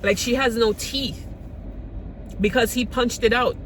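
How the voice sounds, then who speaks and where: This Caribbean-raised vlogger speaks a little slowly, in a slightly high, fairly bright voice with fairly even intonation. She tells personal stories to the camera, candid and rambling, restarting often. A little hiss or hum sits in the background.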